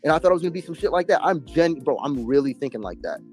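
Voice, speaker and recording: A man's voice: fairly high pitch, lively intonation, rapid-fire, darkish tone, faint music behind. A man telling his story in a casual interview, emphatic and heavy on slang and swearing. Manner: emphatic, profane, street slang. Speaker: interview guest.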